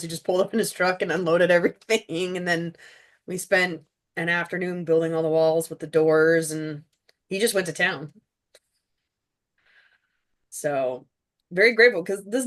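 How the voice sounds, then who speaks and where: A woman's voice: lowish voice, fairly even intonation, normal speed, a bit bright. A woman who made the series, chatting casually and gratefully in a commentary, with a loose, rambling way of talking. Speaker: show creator and producer.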